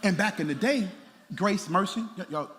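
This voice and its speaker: Man, pastor, animated sermon, playful asides, hall reverb, faint ambience. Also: sits high, moderate pace. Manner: animated, playful preaching with laughing asides to the congregation. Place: large church sanctuary. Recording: church hall reverb with faint room noise.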